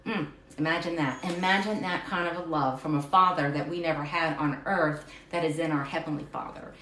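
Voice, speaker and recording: A lower-pitched woman with a drawl speaks in a raw, confessional way, drifting between thoughts as she talks to viewers. She sits a little back from the mic in a roomy, echoey space. A faint room hum sits behind her. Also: fairly quick, fairly bright tone. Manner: emotional, confessional, rambling. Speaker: live stream host. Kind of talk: personal testimony to a live audience. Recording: roomy echo, slightly distant mic.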